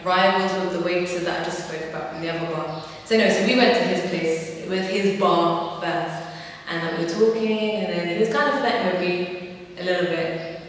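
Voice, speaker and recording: A woman's voice: on the low side, brisk. A young woman vlogger chatting casually, telling funny stories with laughs and fillers. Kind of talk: casual storytelling. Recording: very echoey room, far from mic, faint ambience.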